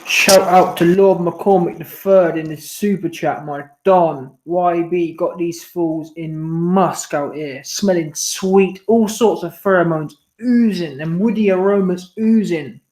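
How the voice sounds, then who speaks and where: A man's voice: sits high, a little mellow. A man hosting a casual live stream, reading out viewer messages in slangy, repetitive, laid-back banter. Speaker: boxing commentary channel host. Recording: roomy echo.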